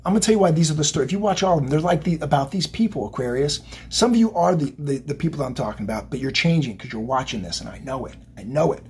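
Husky emotional man reading tarot. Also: fairly high pitch, animated, very fast, hardly any pauses, darkish tone. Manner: emotional, motivational, rambling with repeats. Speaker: tarot reader. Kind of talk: psychic channeling reading.

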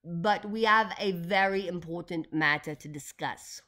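A stern woman librarian with a thick Russian accent, as a storybook reader puts her on. She speaks slowly, in a low and measured voice. Her tone is formal and businesslike. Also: sharp tone. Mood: serious. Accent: Russian, put on.

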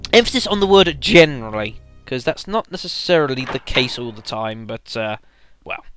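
A man giving casual, chatty let's play commentary, speaking to viewers as folks with lots of halting fillers. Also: mid-range voice, lively intonation, fairly bright tone, soft background music.

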